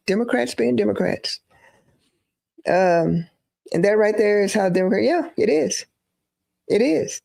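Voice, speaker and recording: A woman's voice: mid-range voice, gravelly, darkish tone. A woman giving emphatic live-stream political commentary, repeating phrases for emphasis.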